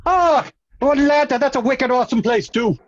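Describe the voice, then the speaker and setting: Older improv actress, high voice, hammy, on a muffled lo-fi recording. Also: female voice, normal speed. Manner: exaggerated, put-on accents. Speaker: improv performer. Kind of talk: improv comedy scene.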